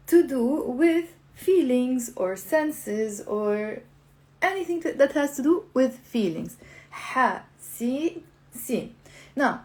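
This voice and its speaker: An upbeat woman leads a live online language lesson. She coaxes her viewers to repeat after her and says each word slowly. Her voice sits a little high. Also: dark tone, poor audio. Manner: upbeat, coaxing, repeats words slowly for learners. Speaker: language teacher.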